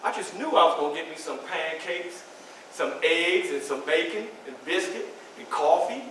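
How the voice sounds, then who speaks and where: Actor as Frederick Douglass telling his story live to an audience; bright, sharp delivery in a roomy hall. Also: a little high, expressive, moderate pace, a little hiss or hum. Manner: dramatic, addresses the audience directly. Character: Frederick Douglass, man recounting his enslavement. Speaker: living-history performer. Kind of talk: one-man historical storytelling performance. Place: library event room. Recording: echoey room from far off.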